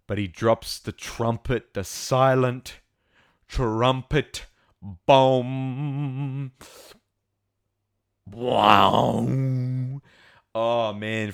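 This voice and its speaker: A young man recapping a show episode in a casual, excitable and rambling way, with lots of fillers and restarts. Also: on the low side, extremely slow, vocal fry, clean tone, no echo, studio quality. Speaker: show reviewer.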